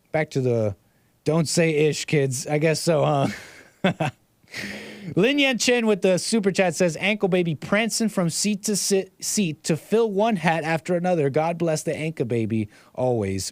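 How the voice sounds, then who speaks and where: A man's voice: fairly high pitch, expressive, moderate pace, no room sound. A man hosting a casual livestream, reading viewer messages and rambling sarcastically with frequent restarts. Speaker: livestream host.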